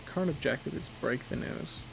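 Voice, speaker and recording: A man's voice: fairly high pitch, brisk, vocal fry, rough recording. A tired man giving casual, rambling commentary while playing a game, with a faint air conditioning hum. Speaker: gamer. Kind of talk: casual let's play commentary.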